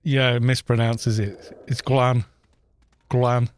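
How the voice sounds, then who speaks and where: Speaking slowly in a clean, level, medium-pitched voice, a Welsh gaming streamer chats casually during his live stream. He rambles a bit and keeps dropping in joking asides.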